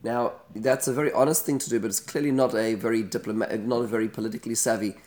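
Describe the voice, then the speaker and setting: A man's voice: lowish voice, fairly even intonation, quick pace, a little mellow. Man teaching a daily scripture lesson. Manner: explanatory, poses rhetorical questions. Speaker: Bible teacher.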